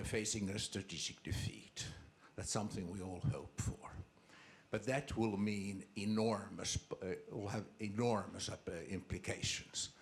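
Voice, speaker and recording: A man's voice: on the low side, a little hiss or hum. An older man, a former ambassador, commenting from the floor at a seminar, hesitant with many fillers.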